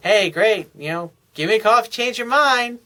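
A man's voice: high-pitched, lively intonation, normal speed, sharp tone, pitched above the performer's own voice. A man putting on a young woman who brushes a guy off in an airy, falsely cheerful way. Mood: breezy.

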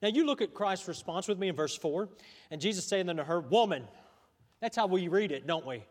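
High-voiced pastor in a reverberant church. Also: male voice, animated, quick pace. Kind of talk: sermon. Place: church sanctuary. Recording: long church hall reverb.

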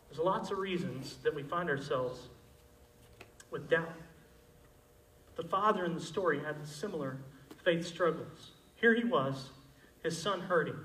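A male pastor preaching a sermon, moving between loud, emphatic passages and quiet, intimate ones. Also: a little high, echoey room, far from the mic, rough recording.

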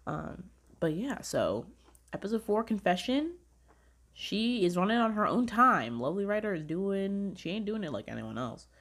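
A woman chatting casually in a gushing, excitable way, with heavy filler words, frequent laughter and some swearing. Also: mid-range voice, normal speed. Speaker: vlogger reviewing dramas. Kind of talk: casual chat.

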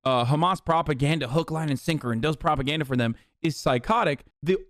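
A man commenting angrily on a clip he plays, swearing often and sometimes shouting in disbelief. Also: a little high, brisk, dry recording, studio quality. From American South. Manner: profane, angry, incredulous, sudden shouts. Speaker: streamer reacting to a clip. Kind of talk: heated reaction commentary.

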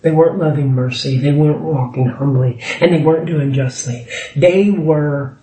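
A man's voice: a little high, moderate pace, dark tone, far from the mic. A man preaching a sermon as pastor, voicing scripture passages with rising force. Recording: echoey room.

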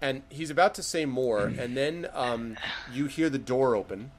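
A man's voice: mid-range voice, moderate pace, slight background noise. A man narrating a tabletop game as game master, with loose delivery full of fillers, voicing the characters' lines himself.

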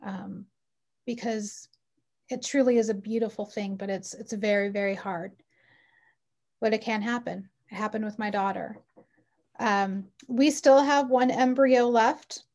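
A woman's voice: medium pitch, fairly even intonation, measured pace, darkish tone. A woman in her forties, an interview guest telling her personal story in an earnest, heartfelt way with frequent ums. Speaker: mother.

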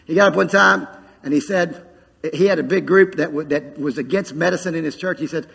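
Husky high-voiced preacher in a reverberant hall. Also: male voice, brisk, fairly bright tone. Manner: preaching with call-outs to the congregation. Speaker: pastor. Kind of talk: sermon.

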